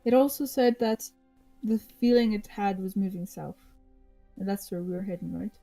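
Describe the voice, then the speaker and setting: A woman's voice: medium pitch, moderate pace, vocal fry, soft background music, rough recording. A woman playing a tabletop game, talking casually and giggling often. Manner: giggly, animated. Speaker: player.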